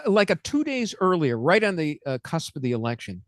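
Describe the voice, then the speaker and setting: A man's voice: fairly high pitch, sing-song, a little fast, no echo. A man in his sixties hosting a comedic political talk radio show, rambling and joking as he talks. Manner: rambling, joking, self-interrupting. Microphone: studio mic.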